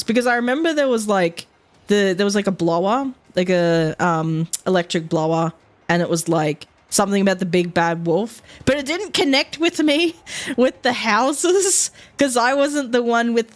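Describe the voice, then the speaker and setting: Chatty young woman. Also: medium pitch. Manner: rambling, many fillers and quoted asides. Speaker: streamer. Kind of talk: casual storytelling while streaming.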